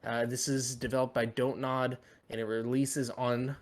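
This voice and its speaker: Relaxed man hosting a podcast. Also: mid-range voice. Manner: relaxed, with filler pauses. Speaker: podcast host. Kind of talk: casual podcast chat.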